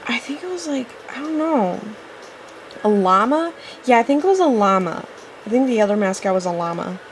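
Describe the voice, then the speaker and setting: A let's-play host rambles casually through her gameplay commentary, her voice a little high with lively intonation at a normal speed. She's chatty, keeps apologizing in little asides, and gets impatient with the game. There's a slight hiss or hum on the recording.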